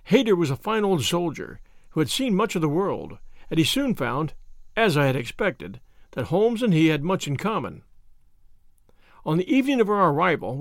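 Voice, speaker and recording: A man reading a classic detective story aloud as an expressive, lively narrator. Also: fairly high pitch, dry recording, studio quality. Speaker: audiobook reader.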